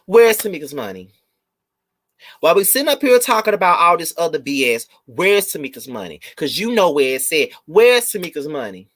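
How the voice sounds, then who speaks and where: A man's voice: a little high, very animated, brisk, fairly bright tone. Fired-up man ranting straight at viewers. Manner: emphatic, repetitive, talks straight to viewers; blunt, swears freely. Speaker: video host and reviewer. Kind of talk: live review rant.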